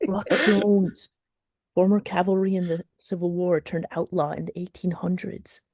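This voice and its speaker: A man's voice: sits high, level tone, a little slow, darkish tone, dry recording. A man reading lines as a proud, nerdy boy at a rehearsal read-through, a bit stiff. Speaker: actor in a rehearsal.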